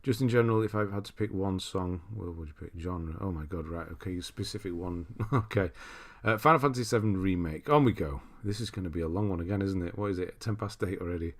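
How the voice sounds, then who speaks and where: A young British man hosts a casual livestream, chatting loosely, reading viewer comments aloud and laughing often. His voice is low, and he talks fast with few pauses.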